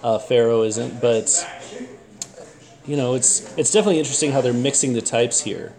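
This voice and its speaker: A man hosting a casual podcast chat, relaxed and chatty with lots of fillers and restarts. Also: medium pitch, moderate pace. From Texas. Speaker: podcast host.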